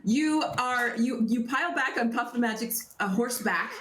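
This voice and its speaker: A woman's voice: a little high, moderate pace, reverberant, background noise. A woman narrating a tabletop game as game master, giggly and stumbling over her words.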